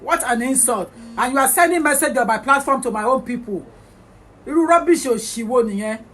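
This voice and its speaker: A woman's voice: high-pitched, animated, brisk, a bit bright, soft background music. A woman with a Nigerian Yoruba-English accent, hosting a heated livestream rant, scolding her viewers and switching between English and Yoruba. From born in England. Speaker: livestream host.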